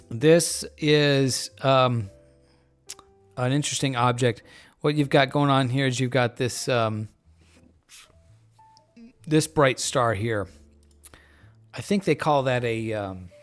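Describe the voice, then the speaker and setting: A man hosting a casual live stream, talking in a loose, rambling way with many fillers, relaxed and joking, a little tipsy. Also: medium pitch. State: a bit tipsy from beer. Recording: faint music in background.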